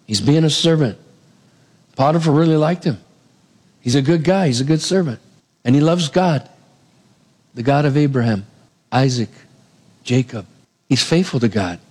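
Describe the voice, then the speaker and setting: Animated man preaching a sermon. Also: on the high side. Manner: retells the story with lively acted-out voices.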